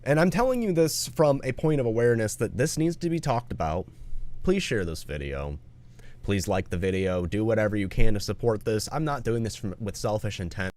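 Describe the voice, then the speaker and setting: A man's voice: lowish voice, lively intonation, fairly quick, darkish tone. A man making a commentary video, appealing earnestly to viewers and swearing often. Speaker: video creator.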